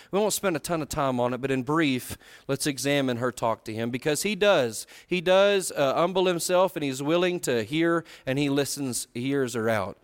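A man preaching a sermon, reading Bible verses and paraphrasing them in conversational words, moving between quiet reflection and fervent emphasis. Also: medium pitch, smooth.

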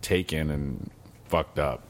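A man's voice: very deep voice, slow pace. A man co-hosting a podcast, chatting casually in a laid-back way, swearing freely and mimicking people in his stories. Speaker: podcast co-host. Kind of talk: casual chat.

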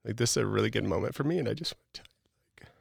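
A middle-aged man with a low voice and a gravelly rasp that creaks through his sentences. He talks as a podcast guest in a casual but preachy, motivational way, leaning on "like" as a filler. The sound is dry and close, with no room echo. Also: animated, racing. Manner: earnest and preachy, many "like" fillers.

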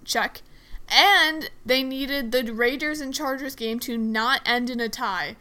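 A woman's voice: high voice, slow, sharp tone, clear, resonant tone. A woman co-hosting a casual chat, eagerly talking through football analysis. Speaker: co-host.

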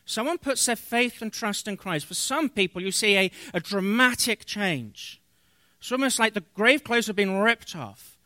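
A man preaching a sermon as pastor, reading scripture aloud and explaining it earnestly, with pauses and fillers. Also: high-pitched, animated, sharp tone, no room sound, studio quality.

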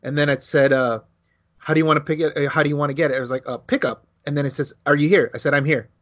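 A man co-hosting a podcast, telling a casual story, acting out quotes with big jumps in his voice and swearing freely. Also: fast. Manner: animated, acts out quotes with big pitch jumps. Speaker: podcast co-host.

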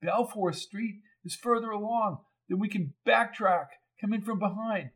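A man's voice: high-pitched, a little slow, fairly bright tone, pitched above the performer's own voice. A man voicing a frightened woman caught up in union corruption, earnest and worried, for an audiobook. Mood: urgent.

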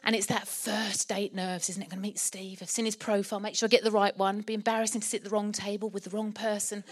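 A middle-aged woman with an Essex accent, preaching a sermon in church in a chatty storytelling way and laughing often. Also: medium pitch.

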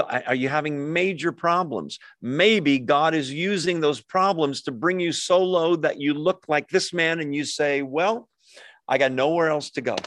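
Chatty, joking middle-aged preacher. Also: male voice, a little high, a bit bright, dry recording. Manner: conversational, rhetorical questions, humorous asides. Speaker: pastor. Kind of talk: sermon.

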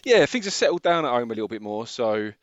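A man's voice: mid-range voice, big pitch swings, fast, no echo. Laid-back man, dry and muffled. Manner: laid-back, chatty, laughs often. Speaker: podcast co-host. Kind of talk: casual football chat.

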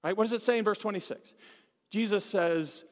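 High-voiced pastor preaching in a reverberant hall. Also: male voice, fairly quick. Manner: storytelling with humor, animated swings. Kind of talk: sermon. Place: church sanctuary. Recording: live church hall reverb.

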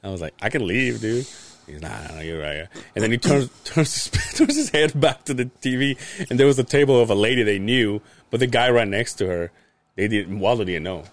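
A young man on a podcast spins a casual story with swings in pitch, and his voice jumps up when he acts out the people in it. He swears freely. The sound is close and dry, with no room around it. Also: a little fast, dry recording. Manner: animated, swears freely, acts out quoted lines. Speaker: podcast host.

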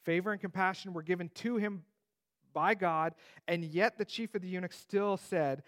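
A man's voice: high-pitched, moderate pace, fairly bright tone. A man teaching through a Bible passage in a conversational way, with joking asides.

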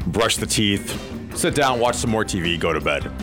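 A man's voice: lowish voice, lively intonation, moderate pace, music in the background. A man co-hosting a radio talk show, telling a long story with lots of restarts and acted-out asides in a casual studio chat.

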